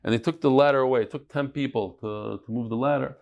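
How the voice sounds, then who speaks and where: A man's voice: medium pitch, fast, creaky, darkish tone, dull audio. A middle-aged man teaching a Talmud class, telling stories and bantering with his students.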